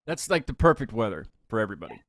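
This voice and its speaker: A man's voice: fairly low pitch, very animated, very fast, fairly bright tone, no echo, studio quality. A man hosting a live music talk show, chatting casually and rambling with frequent restarts and fillers. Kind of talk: casual live-stream chat.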